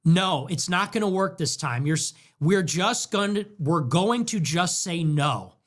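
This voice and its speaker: A male livestream host in full rant, voice pitched high and swinging widely as he hammers his points with repeated phrases. His voice sounds strained and worn from hours of talking live. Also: expressive, measured pace, fairly bright tone. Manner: ranting, emphatic repetition. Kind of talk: heated livestream monologue.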